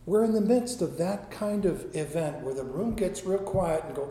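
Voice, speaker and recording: A man's voice: fairly high pitch, normal speed, hardly any pauses, warm tone. A man preaching a sermon as a pastor, telling stories and acting out quoted speech, often repeating words as he goes. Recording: echoey room sound.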